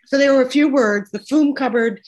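A woman's voice: high voice, a little fast, rough recording. An older American woman hosting an interview show, talking in a chatty way with frequent restarts. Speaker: show host. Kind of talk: casual interview chat.

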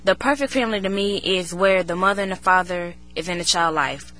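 Earnest, bright-voiced teenage girl. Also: lowish voice, faint music behind. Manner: earnest, halting, determined. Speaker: radio guest sharing a personal story. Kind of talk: earnest personal testimony.

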